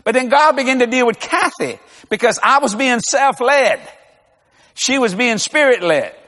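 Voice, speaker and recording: An older man, a pastor, preaching with lively storytelling, acting out dialogue and laughing often. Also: extremely high pitch, moderate pace, big-room sound. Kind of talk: sermon.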